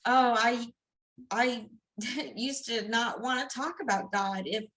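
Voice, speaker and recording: A woman's voice: fairly high pitch, slow, fairly bright tone, low-quality recording. A woman guest speaking candidly about her past in casual conversation. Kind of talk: casual personal testimony.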